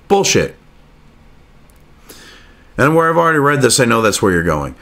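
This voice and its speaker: A man's voice: fairly high pitch, very animated, fairly quick, pauses often, fairly bright tone. A man reading news articles aloud and cutting in with angry, profane, sarcastic rants, as host of his own commentary show.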